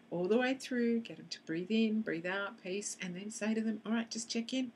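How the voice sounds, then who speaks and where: A woman's voice: mid-range voice, normal speed, few pauses, a little mellow, a little hiss or hum. A woman teaching how to use tapping with children, acting out both sides of a session as she explains. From Australia. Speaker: EFT practitioner. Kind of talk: instructional explanation to camera.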